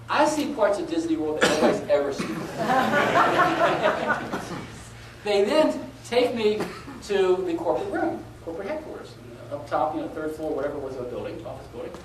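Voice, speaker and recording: Middle-aged male conference speaker, animated storyteller, recorded far off in a noisy, reverberant hall. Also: high voice. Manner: animated storyteller, laughing at his own story. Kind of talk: live anecdotal talk. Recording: echoey live hall, taped from a distance with noise.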